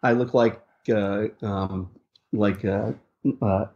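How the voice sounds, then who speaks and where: A man's voice: lowish voice, fairly even intonation, takes it slowly, a little mellow. A man working as a rideshare driver, telling stories in an interview in a rambling way, with many restarts and fillers. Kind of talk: casual storytelling in an interview. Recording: dull lo-fi sound.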